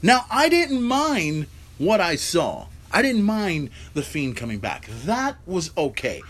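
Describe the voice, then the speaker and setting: Fired-up man ranting, high-ish voice. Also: sing-song, slow, a bit bright. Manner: ranting, incredulous, heavy swearing, rhetorical "right?" asides. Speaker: podcast host. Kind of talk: profane wrestling recap rant.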